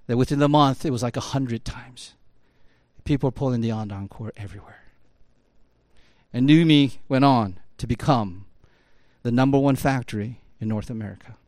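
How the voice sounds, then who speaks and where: Telling a story in a relaxed talk, this man has a mid-range voice with a darkish tone and a moderate pace, recorded with no echo. He leans on fillers like "like" and "you know" and builds up to emphatic moments.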